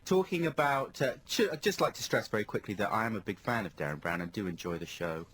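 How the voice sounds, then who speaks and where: A man co-hosting a radio show, telling stories in a lively, animated way and acting out what people said. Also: lowish voice, fast, slightly rough. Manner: animated storyteller, acts out quotes. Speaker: radio co-host. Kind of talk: casual radio chat. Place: radio studio. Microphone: studio microphone.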